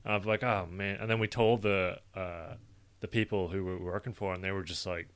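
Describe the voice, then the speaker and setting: A man telling stories in casual chat, laid-back and swearing freely, getting animated when he quotes himself. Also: low-pitched, brisk.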